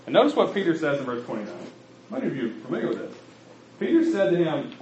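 A man preaches a sermon with a slightly raised pitch and a lively, rising-and-falling delivery. He speaks conversationally, as if chatting with his congregation. The recording is roomy and a little muffled. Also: fast, a little hiss or hum. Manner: conversational, addresses the congregation directly.

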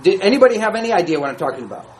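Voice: mid-range voice, very animated, rapid-fire, slight background noise, poor audio. A Bible study teacher reading scripture aloud to a class and commenting on it in a conversational way, asking the group questions.

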